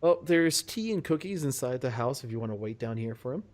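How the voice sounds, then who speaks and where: A man narrates a tabletop game session as its game master. His pitch sits in an ordinary middle range. He talks loosely, tripping over words and filling gaps with "uh" and laughter. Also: lively intonation, darkish tone. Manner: halting, many fillers, laughs often.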